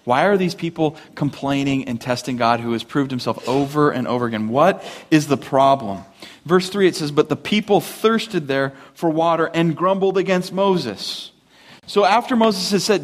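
Guy preaching a sermon, kinda high voice, lively, acts out the complainers. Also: moderate pace. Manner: animated, acts out grumbling voices, asks rhetorical questions. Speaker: pastor.

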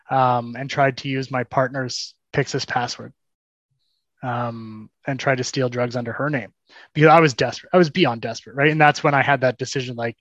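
Man speaking haltingly in a muffled recording. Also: mid-range voice, a bit bright, dry recording. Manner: halting, repeats words, self-deprecating. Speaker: guest. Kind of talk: candid interview storytelling. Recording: dull lo-fi dry sound.

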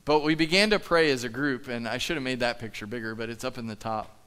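Speaking fast, this Midwestern American pastor preaches in a church sanctuary with a medium-pitched voice that is bright, forceful, clear and resonant. The live stage mic catches him telling a story conversationally and earnestly while performing the dialogue.

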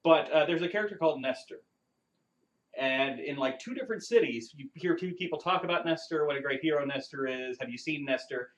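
A man's voice: on the high side, a little fast, rough recording. A man co-hosting a podcast, reviewing an old video game in casual chat with dry, sarcastic humor.

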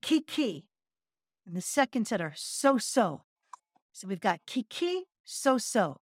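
A woman's voice: medium pitch, sing-song, a little slow, slightly rough, no room sound, clean studio sound. A middle-aged woman co-hosting a podcast, talking casually and earnestly as she teaches a chanted breathing practice and laughs at herself. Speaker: podcast co-host and yoga teacher. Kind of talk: casual chat.

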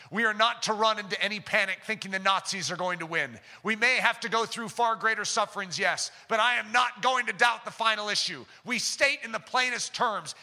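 A man preaching a sermon who builds to impassioned, shouted prayer. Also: high-pitched, creaky. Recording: long hall reverb.

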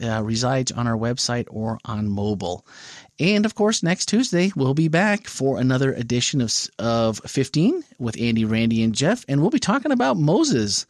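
A man's voice: medium pitch, dry recording. A man hosts a church podcast in easy, casual chat. His voice jumps up and down as he talks, and he often cracks a joke. The sound is dry and close to the mic. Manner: animated, jokey, laughs at his own jokes.

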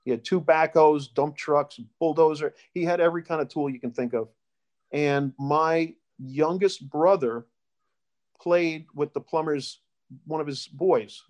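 Middle-aged man, slightly high voice, rambling storyteller being interviewed. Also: unhurried, a little mellow. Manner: rambling, with restarts and storytelling asides. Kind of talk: casual life-story interview.

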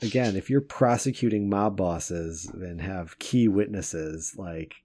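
Male podcast co-host, lower register, casual and jokey, laughs a lot. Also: slow pace, warm tone. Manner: joking, chatty, laughs often. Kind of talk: casual chat.

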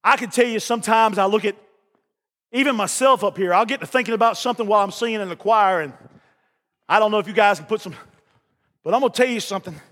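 A male pastor preaching a folksy sermon, repeating lines and building to shouts. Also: sits high, quick pace, pauses often. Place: church sanctuary. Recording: reverberant church hall.

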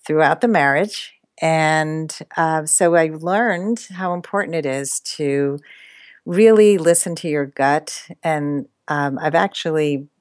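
A middle-aged woman, a dating coach, telling personal stories in an interview, animated and laughing often. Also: slow pace, dry recording, studio quality. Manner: animated, laughs often, expressive pitch swings. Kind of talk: interview storytelling.

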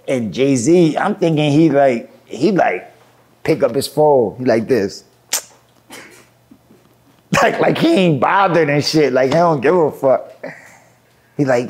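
A man with a fairly high voice spins a street story as an interview guest. He slips into the voices of the people in it and swears casually as he goes. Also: lively intonation, unhurried, a little mellow. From Philadelphia. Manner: acts out quoted voices, laughing and cursing as he tells it. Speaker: rapper guest. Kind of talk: animated storytelling.

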